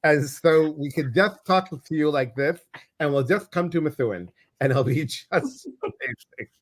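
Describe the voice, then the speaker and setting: A man's voice: on the high side, lively intonation, a little slow. Chatty, upbeat male live-stream host. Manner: chatty, enthusiastic, greets viewers often. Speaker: co-host of a weekly card reading show. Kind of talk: casual live-stream chat.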